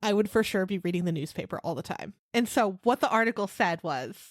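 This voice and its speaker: Giggly, expressive woman co-host. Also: mid-range voice, a little fast, dry recording, studio quality. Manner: giggly and expressive, laughs often. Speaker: podcast co-host. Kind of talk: casual chat.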